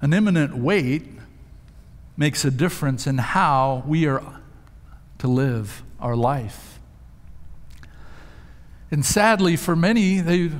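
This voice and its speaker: A male pastor delivers a sermon in a slightly higher voice, moving between storytelling and emphatic rises. His words ring out with a long reverb from a large church sanctuary. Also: animated, takes it slowly, pauses often.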